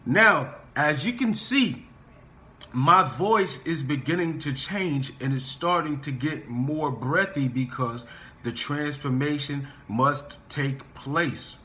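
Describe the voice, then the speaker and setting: A man teaching a singing lesson, talking his students through warm-up scales and encouraging them, often stopping to repeat himself and say "okay?" and "guys". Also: a little high, takes it slowly. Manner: restarts and stammers while explaining.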